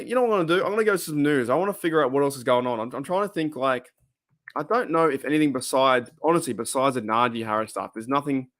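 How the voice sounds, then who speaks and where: A man's voice: medium pitch, fairly bright tone. An Australian man in his thirties hosting a fan livestream, chatting casually with viewers in a rambling, laid-back way and repeating himself often. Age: 30s.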